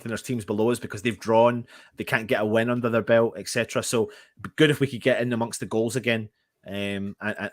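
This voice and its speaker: A man's voice: on the low side, no room sound, studio quality. A man hosting a casual live fan stream, reading out chat messages and laughing often. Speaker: fan channel host.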